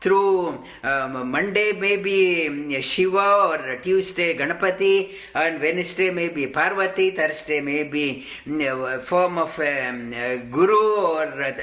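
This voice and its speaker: A man giving a slow, halting scripture discourse as a spiritual teacher, full of ums and restarts. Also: on the high side, pushed and bright. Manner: halting, many ums, slow deliberate explanation.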